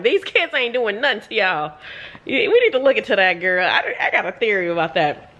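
A woman's voice: mid-range voice, brisk. A woman chatting casually in a reading reaction vlog, exclaiming and cursing as she talks to her viewers. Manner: animated, profane, exclamatory chatter addressed to viewers. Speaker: book vlogger.

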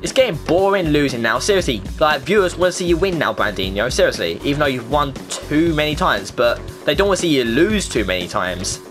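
A woman giving live gameplay commentary, exasperated and self-mocking and quick to swear. Her low voice swings widely up and down. Faint music plays behind her. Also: very animated. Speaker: gaming channel host.

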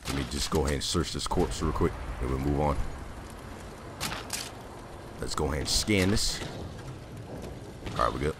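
A man giving casual gameplay commentary, jumpy and prone to sudden loud exclamations, with a slightly raspy voice. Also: rumbling low, normal speed, pauses often, background noise. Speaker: gamer.

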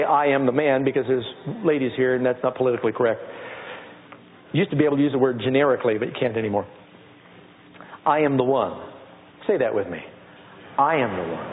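A middle-aged man preaching a sermon to a congregation, reading scripture aloud and leading the people in repeating phrases. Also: mid-range voice. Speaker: pastor. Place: church sanctuary with congregation. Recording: lo-fi phone-like audio with long hall reverb.

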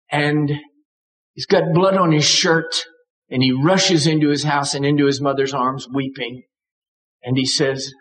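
A man's voice: a little high, a little slow, rough recording. An older man preaching a sermon, with dramatic emphasis and acted-out voices. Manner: dramatic, acts out voices of God and characters.

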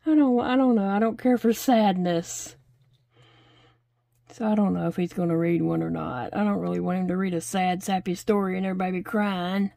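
A middle-aged woman chats easily about home life as she crochets, laughing often and pausing to count stitches under her breath. Her voice is mellow and soft-edged, heard dry and close with no room around it. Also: lowish voice, steady tone, gravelly, dry recording. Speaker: crochet vlogger. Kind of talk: casual chat while crocheting.

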